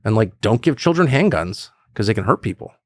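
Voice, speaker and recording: Speaking fairly quickly in a dry, echo-free recording, this podcast guest rambles through casual conversation. He often restarts his sentences, chuckles, and lets his pitch swing lively up and down.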